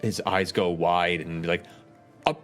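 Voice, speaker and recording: A man running a tabletop game as game master, narrating with quick shifts into character voices. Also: medium pitch, expressive, soft background music.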